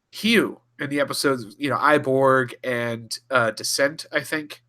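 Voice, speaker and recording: Bright-voiced man, casual podcast co-host. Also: medium pitch. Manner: rambling, profane, restarts often. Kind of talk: casual chat.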